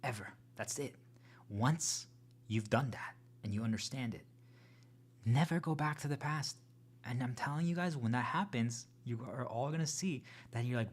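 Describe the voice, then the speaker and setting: A man hosting his own channel, talking to viewers in an earnest, rambling, unscripted monologue full of restarts, sometimes dropping to a hushed whisper. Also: mid-range voice, normal speed, husky. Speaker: channel host.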